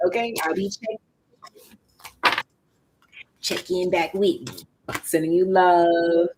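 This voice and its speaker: A tarot reader addresses her live-stream audience directly, sassy and lively, using "baby" and "darling" while her pitch leaps between high and low. Her pace is slow, and the recording is very noisy.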